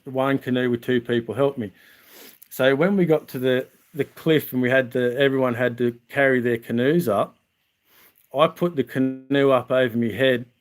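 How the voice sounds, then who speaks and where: An Australian man speaks casually to his viewers from outdoors. He tells long, rambling stories full of fillers and restarts, at an everyday middle pitch. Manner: rambling, chatty, with many restarts and "uh". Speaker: vlogger.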